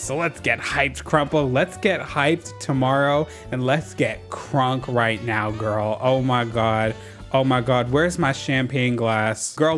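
A gaming YouTuber giving casual let's-play commentary, excitable and dramatic, using lots of slang and talking to the characters on screen. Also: mid-range voice. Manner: talks to game characters while playing.

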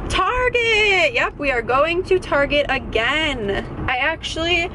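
A young woman with a bright, high voice talks straight to her phone from the driver's seat of her car. She rambles through a casual story, stuffing nearly every phrase with "like." A faint hiss of noise sits under her voice. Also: measured pace. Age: young adult. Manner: rambling, chatty, heavy use of "like". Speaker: vlogger, young mother. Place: inside a parked car.

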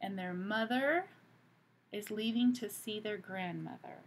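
A woman teacher reading a picture book aloud to children, pausing gently to ask them questions. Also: medium pitch, a little hiss or hum.

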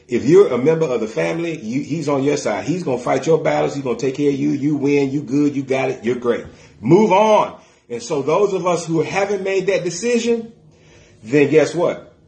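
A middle-aged man preaching a sermon as pastor, plain-spoken and colloquial, getting excited and breaking into bits of gospel song. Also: medium pitch, creaky, echoey room. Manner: excitable, shouts and sings snatches of gospel songs.

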